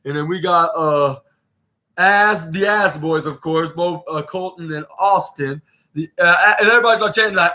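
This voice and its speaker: Guy podcast host, bright kinda higher voice, rambly wrestling recap with tons of uhs and likes. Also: normal speed. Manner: rambling, many fillers and restarts, acts out quotes. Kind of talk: casual wrestling show recap.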